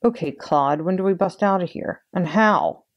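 A woman's voice: on the low side, moderate pace, dry recording, muffled recording, natural voice. A woman voicing an impatient young boy who whines and demands in a raised, pushy voice. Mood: eager. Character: boy of about nine, grumpy and impatient.

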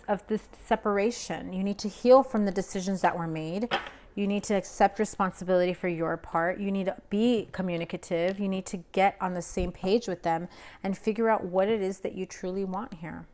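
A woman's voice: medium pitch, a little mellow. A young woman giving a casual, blunt tarot reading to camera, emphatic and chatty with plenty of fillers. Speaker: tarot reader.

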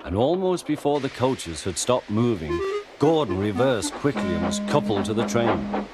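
Brief: male storybook narrator, expressive delivery, music bed underneath. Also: fairly low pitch, moderate pace.

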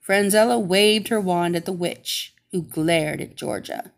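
Slow, expressive woman storyteller. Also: lowish voice, creaky. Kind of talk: story read aloud.

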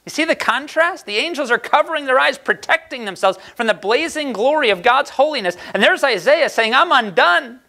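A man's voice: extremely high pitch, expressive, fairly quick, hardly any pauses, pushed and bright. Earnest preaching man. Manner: earnest, emphatic preaching with rhetorical questions. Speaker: pastor. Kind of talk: sermon.

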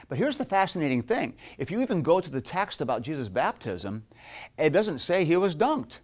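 A middle-aged man teaching a theology class in a classroom, casual and animated, telling stories and joking with his students. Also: fairly high pitch, a little fast. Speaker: seminary professor.

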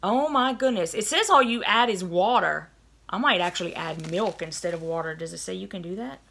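A young woman chatting in a gushing, excited way while unboxing snacks for her viewers. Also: on the low side, brisk, vocal fry. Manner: gushing and chatty, lots of oh my goodness. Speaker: vlogger unboxing a snack box. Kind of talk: casual chat.

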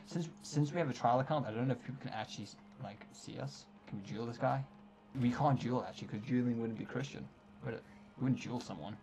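A young man chats his way through a game stream with a friend. He is playful and teasing, often slipping into earnest, preachy remarks. His voice sits at an ordinary middle pitch. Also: fast, crowd noise, poor audio. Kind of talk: casual let's-play commentary.

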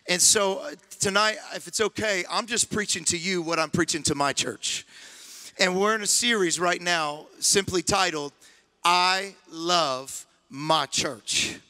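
A man preaching as a guest pastor in a church, repeating his phrases and building to impassioned shouting. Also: sits high, moderate pace. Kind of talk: sermon. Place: church sanctuary.

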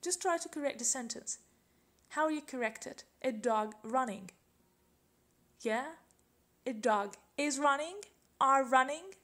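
A woman's voice: high voice, animated, a little slow, pauses often, a bit bright. A woman teaching an English grammar lesson, patiently asking questions and repeating example sentences.

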